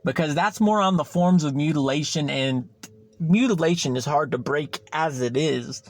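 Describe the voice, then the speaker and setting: Speaking at a normal speed in a voice on the high side, a young man hosts a solo podcast. His talk is casual and rambling, with repetition and plenty of swearing.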